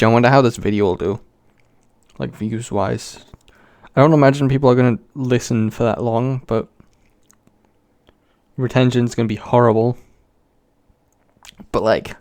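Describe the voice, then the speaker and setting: A man's voice: mid-range voice, fairly even intonation, moderate pace, pauses often, darkish tone. A young British man hosting a solo podcast, rambling casually with lots of swearing and self-mockery. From Britain. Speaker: podcast host.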